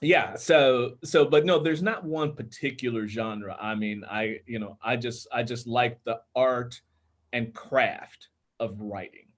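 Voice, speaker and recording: A man's voice: mid-range voice, takes it slowly. Earnest tenor man from Minnesota. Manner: earnest, explanatory, with filler-laden restarts. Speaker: author and audiobook narrator. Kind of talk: casual panel chat.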